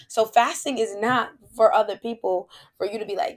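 A woman hosting a podcast, telling a casual faith testimony in an animated, colloquial way and speaking straight to her listeners. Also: fairly high pitch, normal speed, hardly any pauses. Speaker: podcast host.

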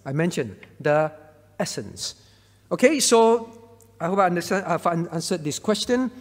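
A man's voice: high voice, sing-song, normal speed. A male pastor teaching through Bible questions, repeating key phrases and checking in with listeners. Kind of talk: teaching Q&A talk. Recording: long reverb hall.

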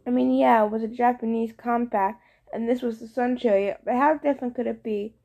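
A woman narrating a first-person audiobook, lively and expressive. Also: on the high side, a little fast, vocal fry.

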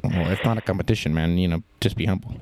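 A man putting on a rambling male rapper who claims a brain injury, talking in a halting, stammering way in an improvised comedy bit. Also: low voice, a little mellow, a little hiss or hum, lightly acted.

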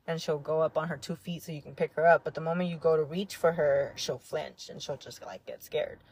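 A woman hosting a solo podcast, talking earnestly and heartfelt in a rambling way, full of "like" and soft laughs. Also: sits low, steady tone, brisk, husky. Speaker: podcast host. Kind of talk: reflective solo podcast monologue.

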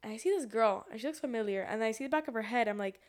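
A woman in her twenties, co-hosting a podcast, telling stories in casual chat with an excitable, animated manner. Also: a little high, rapid-fire. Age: 20s. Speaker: podcast co-host.

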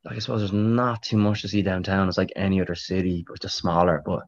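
Irish lad rambling through travel stories, sweary, muffled lo-fi line. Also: male voice, deep voice, quick pace. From Ireland. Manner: rambling, animated, swears freely. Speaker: podcast guest. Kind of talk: casual storytelling chat.

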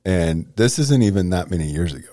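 Deep-voiced, playful male podcast co-host. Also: expressive, a little fast, dark tone, dry recording. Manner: playful, teasing. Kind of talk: casual chat.

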